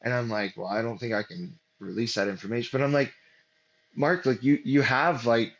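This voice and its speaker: A man's voice: mid-range voice, fairly even intonation, moderate pace, muffled recording. A man as interview guest, telling his story casually with lots of fillers and restarts. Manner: rambling, many fillers and restarts.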